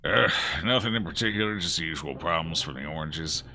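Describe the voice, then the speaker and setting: A man's voice: very deep voice, expressive, fairly quick, pushed and bright, a little hiss or hum, full character voice. A man voicing a tired, edgy male prison guard in a game, grumbling about his problems. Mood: weary.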